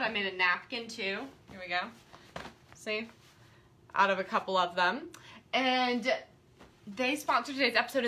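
A woman hosting a live-streamed quilting class, bubbly and excitable, chatting and easily sidetracked. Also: on the high side. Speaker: quilting teacher and host.

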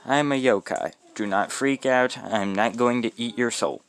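A man's voice: medium pitch, moderate pace, a bit bright, lightly acted. A man voicing a nervous young male rabbit-like yokai who stammers earnestly in a homemade storybook tale. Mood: flustered.

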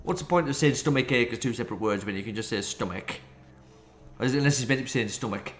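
A man's voice: medium pitch, quick pace. A man hosting a let's-play of a visual novel, cracking rambling jokey asides as he reads along. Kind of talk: reading and reacting to a visual novel. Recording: echoey room with game music.

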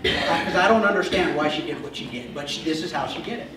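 A man's voice: a little high, animated, fairly quick, recorded from a distance, noisy background. A male pastor giving a casual sermon, retelling a story with humorous asides. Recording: echoey church hall, mic from afar.

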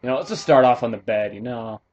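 A young man giving casual, excitable commentary while playing a shooter game, swearing and joking. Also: medium pitch, quick pace, dull audio. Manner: excitable, swearing, jokey outbursts. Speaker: gaming commentator.

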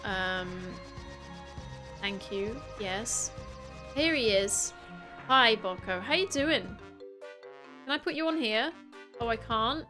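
Woman with a high voice chatting through a game, game music playing behind. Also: lively intonation, takes it slowly, long pauses, bright, forceful tone. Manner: chatty, thinks aloud, swears playfully. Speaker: gaming YouTuber. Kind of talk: casual let's-play commentary.

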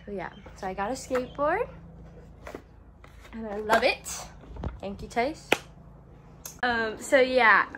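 A young woman rambling excitedly about her gifts in a casual vlog. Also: a little high, background noise. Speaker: friend opening gifts.

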